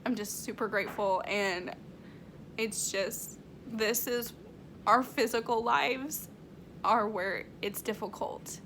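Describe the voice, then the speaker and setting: A woman working as a medium, talking emotionally in a vlog, close to tears, halting with many restarts and fillers. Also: medium pitch, steady tone, a bit bright, a little hiss or hum.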